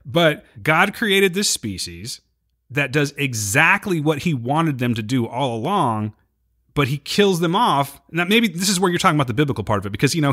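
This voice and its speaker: A man co-hosting a podcast, casually recapping an episode and acting out lines from it. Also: on the high side. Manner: animated retelling, acts out quotes. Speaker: podcast co-host.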